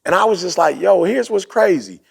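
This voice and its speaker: A man's voice: high-pitched, expressive, brisk, creaky, husky. A man hosting a podcast, telling a story in a casual motivational way, acting out quotes and repeating his points. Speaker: podcast host.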